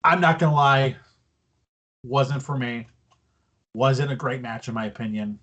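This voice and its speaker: A man's voice: medium pitch, unhurried, fairly bright tone. A man co-hosting a podcast, recapping a wrestling show in loose casual chat with swearing and mocking asides. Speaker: podcast co-host.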